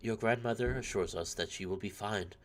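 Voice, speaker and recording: A man's voice: lowish voice, a little fast, background noise, voice pushed down, lightly acted. A man reading a solemn family letter. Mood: grave. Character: grave family member writing a sad letter. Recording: game music underneath. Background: game music.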